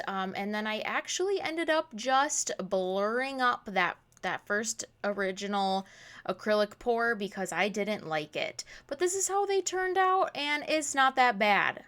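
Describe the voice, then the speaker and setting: A woman's voice: mid-range voice, fairly bright tone. A young woman in her twenties narrating her crafting vlog in a casual voice-over, bubbly and gushing, laughing at herself. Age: 20s. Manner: bubbly, gushing, self-deprecating, says "literally" and "oh my god" a lot. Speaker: crafting vlogger.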